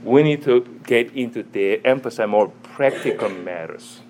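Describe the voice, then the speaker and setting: Animated male preacher, lively pitch. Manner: animated, quizzes the audience. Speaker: church teacher. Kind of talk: sermon-style teaching.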